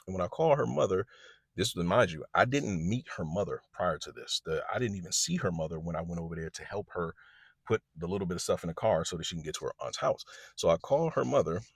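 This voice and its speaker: A man's voice: sits low, fast talker, vocal fry, breathy edge, dry recording, studio quality. A man telling a personal story in a casual vlog, acting out what other people said. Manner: animated storyteller, quotes others in lively voices.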